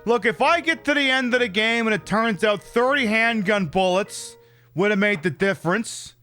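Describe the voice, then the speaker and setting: A man's voice: high-pitched, moderate pace, pushed and bright, soft background music. A man with a North Jersey accent giving casual, joking and profane commentary while streaming a game. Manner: profane, joking, talks to chat.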